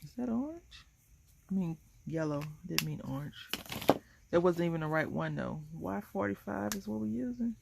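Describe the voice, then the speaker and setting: Chatty woman craft host, gravelly, casual rambling tone. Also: fairly low pitch, lively intonation, normal speed, noisy background. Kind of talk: casual chat while coloring.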